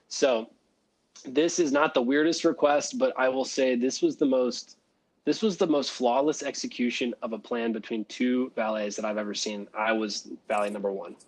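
A man, a former valet, telling a story as a guest, animated, laughing often and acting out other people's voices. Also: mid-range voice, normal speed, breathy edge, rough recording. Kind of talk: casual storytelling.

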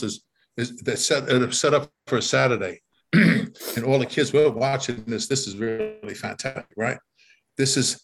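Older man, casual reminiscing, rambling, repeats words, chuckles often. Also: medium pitch.

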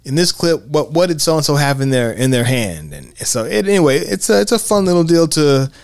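A man's voice: fairly high pitch, very animated, brisk, gravelly, darkish tone, no echo. Man co-hosting, dry close sound. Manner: chatty, repeats words as he talks. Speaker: podcast co-host. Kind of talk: casual film discussion.

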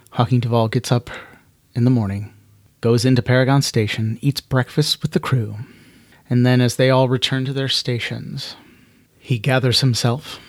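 Guy telling his solo tabletop game story, mid pitch, dry close sound. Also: no room sound.

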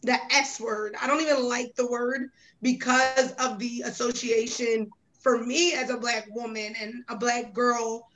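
A woman co-hosting a podcast, reflective and thoughtful as she talks. Her voice is high and bright, and she takes her time with each thought. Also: fairly even intonation, measured pace, rough recording. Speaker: podcast co-host. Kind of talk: casual podcast chat.

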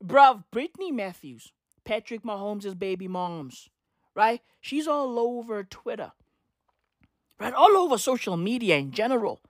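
A woman's voice: fairly high pitch, sing-song, unhurried, no room sound, studio quality. A woman delivering a comedic sports rant in slangy, profane, repetitive street talk.

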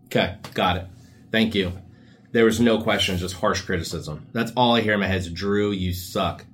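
His voice is on the low side, a little fast and fairly bright, with a touch of hiss or hum. Hosting a solo podcast, the young man wanders through easygoing anecdotes packed with slang and tangents, regularly dropping into silly voices for quotes.

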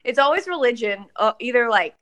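A woman's voice: on the high side, lively intonation, brisk, fairly bright tone. A young woman co-hosting a podcast in casual chat, giggly and rambling with lots of fillers. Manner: giggly, rambling with many likes. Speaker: podcast co-host.

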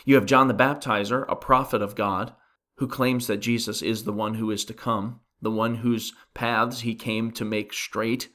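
A man's voice: fairly low pitch, level tone, normal speed, a bit bright. A pastor delivering a conversational sermon on a Bible passage, asking the listeners questions and often restarting his sentences. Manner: earnest, asks the listeners rhetorical questions; frequent restarts while thinking aloud.

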